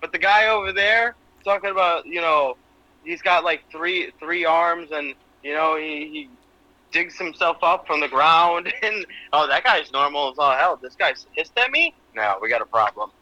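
Sharp, bright-toned man in his twenties. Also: fairly high pitch, expressive, no room sound, highs cut off. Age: 20s. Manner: joking, quick asides. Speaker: podcast co-host. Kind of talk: casual chat. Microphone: video call with headphones.

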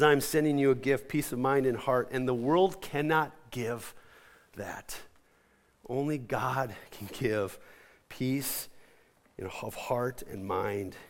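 A middle-aged male pastor preaching a sermon, telling a lively story with asides and questions to the congregation. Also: mid-range voice.

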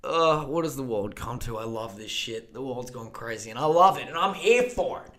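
A man's voice: mid-range voice, expressive, normal speed, fairly bright tone. A man hosting a podcast alone, ranting casually with crude, profane, rambling asides. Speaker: podcast host. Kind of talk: casual solo podcast rant.

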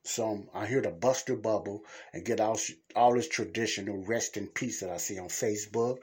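Husky-voiced blunt preaching man. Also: on the low side, normal speed, a little mellow. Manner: blunt, preachy, plain-spoken. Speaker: podcast host. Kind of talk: casual Christian teaching monologue.

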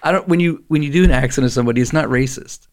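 A man hosting a podcast in casual chat, easygoing and quick to laugh, chiming in often. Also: mid-range voice, a little mellow. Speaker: podcast host.

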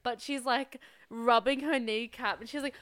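A woman's voice: on the high side, fairly even intonation, moderate pace, fairly bright tone, no echo. A young woman telling stories in a casual, swear-heavy chat, filling her talk with "like". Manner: chatty storyteller, lots of "like", swears freely. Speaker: podcast co-host.

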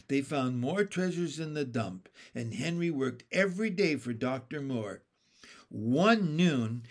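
Brief: male storybook narrator, steady plain delivery, slightly higher voice. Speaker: audiobook reader.

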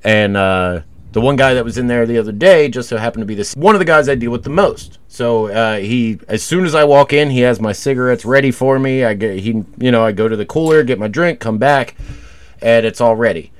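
A man co-hosting a casual podcast, his voice sitting at an ordinary middle pitch. He tells rambling, profane stories and gets loud when he replays a confrontation. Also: fairly quick, clean tone. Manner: profane storytelling, loud when acting out arguments. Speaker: podcast co-host. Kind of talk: casual chat.

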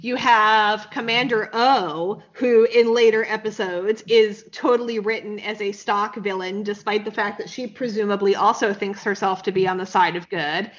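A woman's voice: medium pitch, steady tone, normal speed, few pauses. A woman co-hosting a casual podcast, recapping a TV episode in a frank, sarcastic way and swearing freely. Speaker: podcast co-host. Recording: slightly dull, lo-fi podcast audio.

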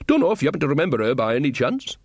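A man's voice: on the high side, big pitch swings, rapid-fire, dry recording, studio quality, voice pushed up. A man voicing a cheerful, gossipy old woman witch in an audiobook, chatty and teasing. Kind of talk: audiobook reading.

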